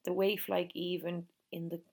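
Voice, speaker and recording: A woman reading a novel aloud, gently voicing the characters in dialogue. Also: on the low side, level tone, normal speed, vocal fry. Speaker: reader.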